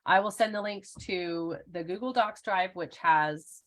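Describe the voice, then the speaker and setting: A woman's voice: on the low side, measured pace, fairly bright tone. A middle-aged woman hosting an online workshop in a casual, chatty way, laughing often and using lots of fillers. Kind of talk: casual live presentation.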